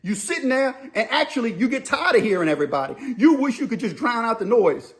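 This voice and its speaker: A man telling a story in a casual, animated, rambling way, full of slang. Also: very high voice, fast.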